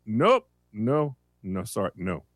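A man's voice: fairly low pitch, big pitch swings, takes it slowly, fairly bright tone, no room sound, studio quality, full character voice. A man voicing a stern, no-nonsense woman store checker with a German accent, barking short refusals. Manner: curt, barking commands.

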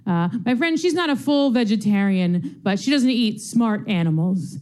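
A woman comedian performing a stand-up set with deadpan, wry delivery. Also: a little high, normal speed.

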